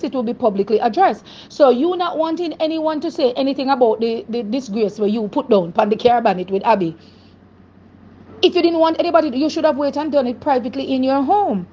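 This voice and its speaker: A woman's voice: sits high, warm tone, dull audio, slight background noise. A woman with a Jamaican accent scolds someone emphatically, lecturing in a street commentary.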